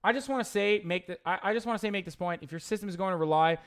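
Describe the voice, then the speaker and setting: Heated high-voiced young man streaming. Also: rapid-fire, a bit bright, smooth. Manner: heated, profane, rambling with restarts. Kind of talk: livestream reading chat and commenting.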